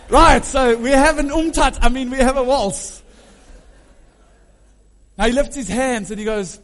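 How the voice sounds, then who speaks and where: High voiced preacher guy, super animated, hums melodies, keeps asking the crowd questions. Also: moderate pace. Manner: asks the audience questions. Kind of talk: sermon.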